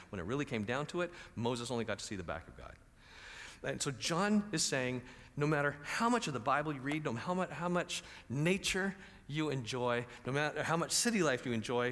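A man's voice: mid-range voice, a bit bright. A man preaching a conversational sermon and asking the audience questions. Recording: reverberant large hall.

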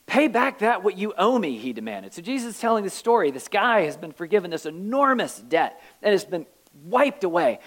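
A man's voice: fairly high pitch, rough recording. A man preaching a sermon, reading scripture aloud and explaining it in a conversational way with wry asides. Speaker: pastor.

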